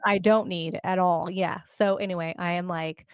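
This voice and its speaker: A middle-aged woman co-hosting a podcast, telling a story in animated, quick bursts of casual chat. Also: lowish voice, clean tone, dry recording, clean studio sound. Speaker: podcast co-host.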